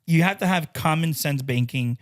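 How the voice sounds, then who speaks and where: A man co-hosting a casual podcast as a loan officer, explaining loan terms in quick lists and acting out the people in his stories. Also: a little high. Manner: animated, acts out quoted people mid-story.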